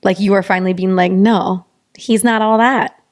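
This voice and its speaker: A woman co-hosting a podcast in casual chat, emphatic and animated, swearing freely. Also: mid-range voice, normal speed. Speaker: podcast co-host.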